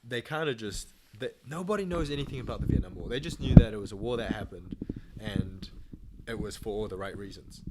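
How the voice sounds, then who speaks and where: A man's voice: lowish voice, a little fast, very noisy. A young man with a New Zealand accent in a casual podcast chat, laid-back, chiming in with short reactions and laughs.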